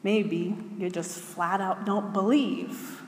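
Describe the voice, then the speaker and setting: A woman preacher reading scripture aloud and then preaching in a measured way, asking her listeners questions. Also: mid-range voice, fairly even intonation, a little mellow, slight background noise. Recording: echoey hall with long reverb.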